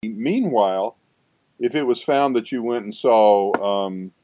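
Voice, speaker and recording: A man's voice: mid-range voice, a little slow, noisy background. Older man, rambling interview talk. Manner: rambling, self-interrupting, frequent restarts and asides. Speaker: seminary professor, guest. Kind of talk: conversational interview.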